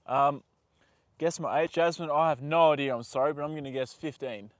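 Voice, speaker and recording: A young man live-streaming from a horse paddock, chatting with viewers and talking softly to his horse. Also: on the high side, fairly even intonation, fairly quick, no room sound. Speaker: livestream host. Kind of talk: casual live stream chat.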